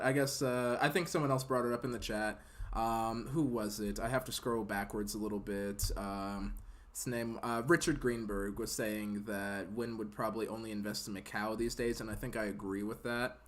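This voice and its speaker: A male podcast host talking in a loose, casual way. He rambles through his points and jokes along the way. His voice sits at a middle pitch for a man. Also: fairly even intonation, normal speed, fairly bright tone. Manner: rambling and jokey, laughs often.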